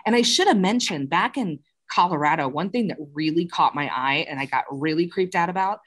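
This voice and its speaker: A woman with a notably low voice talks through a true crime case in a relaxed, conversational way. She narrates with chatty asides and fillers, like someone telling a friend a story. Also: fairly quick. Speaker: true crime podcast host. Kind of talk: casual storytelling chat.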